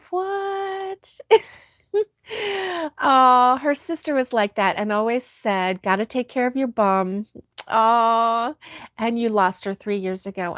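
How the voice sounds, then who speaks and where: Woman, easygoing craft-stream host, giggly and unhurried, dry close sound. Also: fairly high pitch, no echo. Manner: giggly, laughs often, soft-hearted. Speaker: crochet livestream host. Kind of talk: casual chat reading viewer comments.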